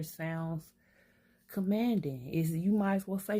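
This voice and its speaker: An older woman talking candidly to camera, thinking out loud to herself. She is blunt and streetwise and swears freely. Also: mid-range voice, measured pace, slightly rough. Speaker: vlogger. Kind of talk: candid self-reflective monologue.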